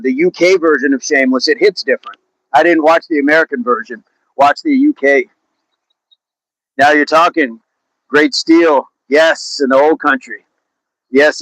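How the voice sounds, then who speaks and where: A man's voice: fairly high pitch, fairly bright tone, no echo, rough recording. A man from Oklahoma chatting casually on a livestream, reading viewer comments, laughing and talking about music and movies. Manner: chatty, laughs often, slips into put-on accents. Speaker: livestream host.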